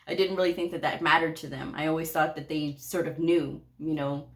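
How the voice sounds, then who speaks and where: A middle-aged woman with a fairly low voice tells work stories in a relaxed storytime vlog. She is chatty, laughs easily, and acts out bits of dialogue as she goes. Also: moderate pace. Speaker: medical coder.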